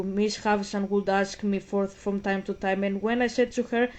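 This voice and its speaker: A woman's voice: mid-range voice, little pitch movement, moderate pace, hardly any pauses, darkish tone. A woman vlogging in a casual way, reading passages aloud, then breaking off to question and argue, hesitant and searching. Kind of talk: casual vlog commentary.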